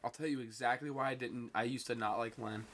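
A man's voice: medium pitch, fairly even intonation, fast, a bit bright, a little hiss or hum. A man co-hosting a podcast in casual chat, rambling and swearing as he loses his train of thought. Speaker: podcast co-host.

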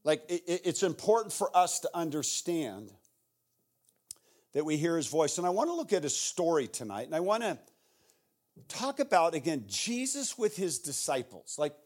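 Animated American preacher man. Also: on the high side, moderate pace. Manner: animated preaching, acts out shouted Bible voices, drops to hushed prayer. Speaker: guest pastor. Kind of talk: sermon.

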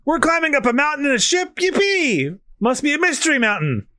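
Excitable young pirate captain, voiced by a man, bright and gleeful, delivered fast. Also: very high voice, dry recording, clean studio sound, voice pushed up, heavily acted.

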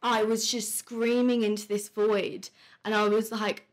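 A woman's voice: a little high, level tone, a little slow. A woman in her twenties hosts a casual podcast chat. She speaks openly and bluntly, swears freely and laughs often. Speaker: podcast host.

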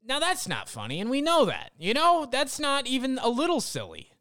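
A man's voice: very high-pitched, wildly swooping pitch, moderate pace, bright, forceful tone, no room sound, studio quality. A young man ranting casually and sarcastically as a podcast host, rambling and swearing. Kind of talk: casual rant.

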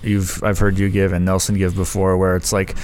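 A man with a fairly low voice co-hosts a casual podcast chat. He mostly backs up the other speaker with short, supportive affirmations and brief comments. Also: monotone, brisk, darkish tone, slight background noise, low-quality recording.

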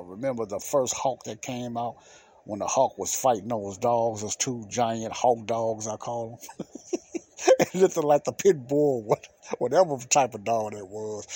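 A man hosting a podcast, telling a personal story in a casual, animated way, repeating himself and using colloquial speech. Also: on the low side, slightly rough. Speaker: podcast host.

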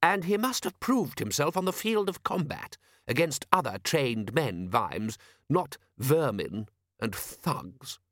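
A man voicing a haughty aristocratic lord who speaks in a clipped, disdainful, deliberate way. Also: mid-range voice, big pitch swings, a bit bright, dry recording, studio quality. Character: haughty aristocratic male lord, cold and contemptuous.

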